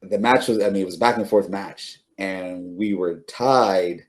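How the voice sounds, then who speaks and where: A man's voice: deep voice, normal speed. A middle-aged man, an interview guest, telling stories casually with many fillers and restarts, laughing now and then. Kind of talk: casual storytelling.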